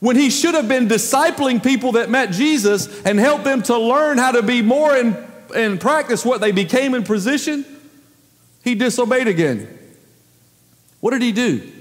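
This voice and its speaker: A man's voice: very high-pitched, expressive, moderate pace. A man preaching a sermon as the pastor, emphatic and full of rhetorical questions. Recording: long reverb of a large hall.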